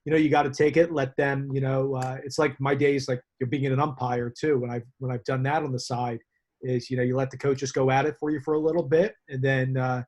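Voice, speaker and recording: Male call host, mid-range voice, measured and halting, lots of fillers. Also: mid-range voice, level tone, darkish tone. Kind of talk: casual advice on a video call. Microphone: video call.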